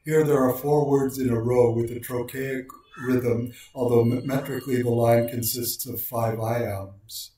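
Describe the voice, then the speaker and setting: A man giving a precise, measured lecture on poetic meter and slowing down to recite lines of verse. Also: mid-range voice, fairly even intonation, dark tone. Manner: precise, deliberate delivery, slows for quoted lines. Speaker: lecturer on poetry. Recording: very echoey room, voice far from mic.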